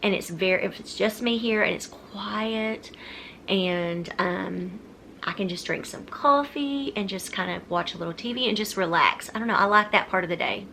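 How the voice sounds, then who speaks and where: In a casual Q&A vlog from home, a Texas woman rambles, frequently breaks off and restarts sentences, and talks straight to her viewers. Her medium-pitched voice is creaky, bright, and forceful at a normal pace, with a little hiss or hum.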